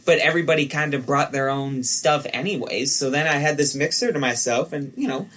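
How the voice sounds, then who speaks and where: A man's voice: on the high side, normal speed, hardly any pauses, fairly bright tone. A young man, a podcast guest, chatting casually and laughing easily while telling a story. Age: young adult. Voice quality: easygoing, laughs often. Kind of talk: casual chat.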